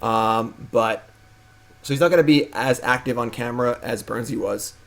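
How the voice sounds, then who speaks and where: A young male streamer hosts a casual live stream, chatting with his pet and viewers in a relaxed, playful, unscripted way. His gravelly voice sits right in the middle of the male range, and he talks at a moderate, easy pace.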